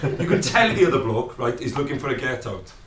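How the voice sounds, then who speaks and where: In a rehearsal room, an actor with a Welsh accent performs a stage monologue as a brash, foul-mouthed young Welshman, throwing in wry, swearing asides in a sardonic mood. His mid-range, near-everyday voice is very animated and a little fast. The distant mic gives a roomy sound with a noisy background.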